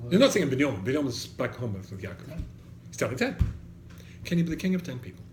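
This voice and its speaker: A man's voice: mid-range voice, very animated, quick pace. A man, a rabbi teaching a class to students, quoting Hebrew verses, translating them and putting questions to the room. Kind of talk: animated Torah lecture. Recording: echoey room, faint background noise.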